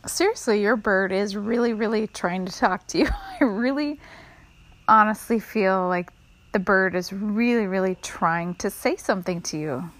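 A woman's voice: medium pitch, moderate pace, a bit bright. A woman calling in to a casual show, amused and giggly. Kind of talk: casual chat.

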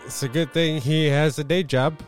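A young man hosting a podcast, teasing his co-host in a dry, deadpan way. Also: a little high, moderate pace, faint music behind. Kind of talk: casual banter.

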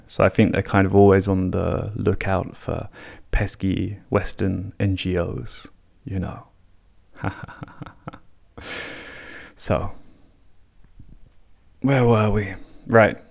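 A low-pitched English man with a gravelly, fry-edged voice tells a story on a podcast. He is chatty and casual, swearing freely and laughing often as he talks. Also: a little mellow. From England. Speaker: podcast co-host.

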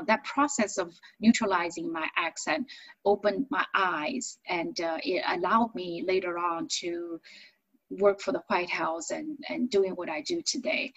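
A middle-aged woman from China, a native Chinese speaker, tells her story as an interview guest in a chatty, animated way. Her voice has a slightly husky edge, and the recording is dry and close with no room sound. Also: on the low side, no echo, rough recording. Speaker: business owner and accent coach.

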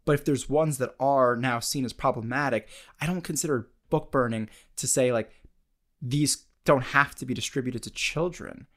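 A young man co-hosting a podcast, making his case in a measured way with many restarts. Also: mid-range voice. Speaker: podcast co-host. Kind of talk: casual debate chat.

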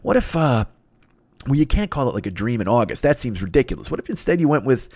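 Fast-rambling profane man in his fifties. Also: medium pitch, very animated, a little mellow. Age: 50s. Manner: profane, riffing, acts out silly voices. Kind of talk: rambling comedic monologue.

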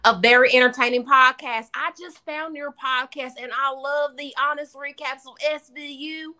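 A woman's voice: sits high, steady tone, normal speed, pushed and bright. A woman reading a listener review in a made-up, over-the-top accent. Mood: gushing.

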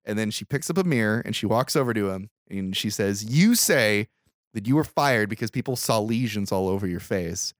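A man's voice: on the low side, lively intonation, moderate pace, dry recording, clean studio sound. A man casually retelling a movie scene by scene on a podcast, acting out the characters' lines with loose swearing. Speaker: podcast host. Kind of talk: casual movie recap chat.

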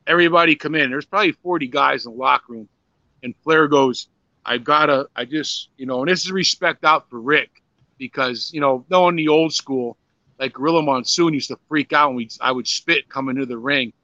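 Rambling, profane older man with a forceful voice. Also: medium pitch, fairly quick, no echo. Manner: rambling, profane, many "you know"s and restarts. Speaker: former pro wrestler telling stories. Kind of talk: casual storytelling in an interview. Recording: dry, slightly dull lo-fi sound.

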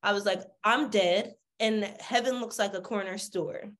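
This woman has a mid-range voice and a moderate pace, candidly recounting her story as a podcast guest. She swears without restraint, talks with animated sass, and performs the voices of those she quotes.

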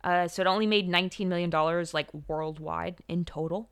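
A young woman co-hosting a podcast, reviewing a film in a chatty, halting way with frequent laughs. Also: lowish voice, steady tone, smooth, dry recording. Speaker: podcast co-host. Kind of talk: casual film review chat.

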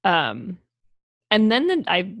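A woman's voice: slow, dry recording. A woman co-hosting a casual podcast chat, recapping a film's plot, acting out the characters' lines and swearing freely. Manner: animated, acts out characters with big pitch jumps, swears casually. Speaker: podcast co-host.

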